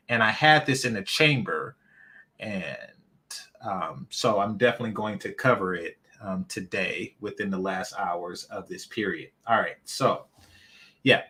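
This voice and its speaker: Bright-voiced man doing reaction commentary. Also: on the low side. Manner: animated, mocking, emphatic, repeats himself. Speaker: commentary channel host.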